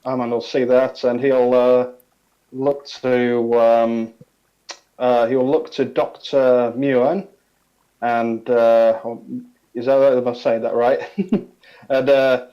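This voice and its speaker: A man's voice: mid-range voice, level tone, slow pace. A man playing a tabletop game, narrating hesitantly with many fillers. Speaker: player. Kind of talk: casual tabletop role-play. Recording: slightly dull, lo-fi mic.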